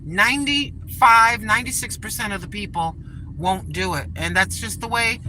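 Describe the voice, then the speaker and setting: An older channel host makes casual vlog talk from inside her car, folksy and religious in tone, and begs viewers for subscribers. She speaks at a normal speed with a medium pitch. The low-quality recording carries loud road noise.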